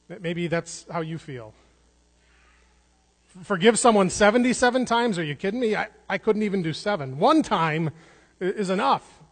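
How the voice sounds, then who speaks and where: A man preaching a sermon in an earnest way, restarting words and repeating phrases for emphasis. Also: high-pitched. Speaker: pastor. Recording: long hall reverb.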